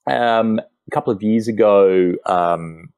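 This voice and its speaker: Middle-aged Australian man, very deep voice, dry sound, relaxed and hesitant guest. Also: slow pace, smooth, dry recording. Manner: relaxed, frequent "um" and "uh". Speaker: interview guest, retail expert. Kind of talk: self-introduction in an interview.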